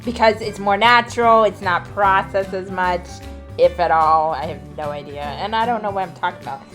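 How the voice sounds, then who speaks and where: A woman vlogger talking casually to camera, chatty and playful, laughing often and drifting into soft asides. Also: mid-range voice, moderate pace, soft background music.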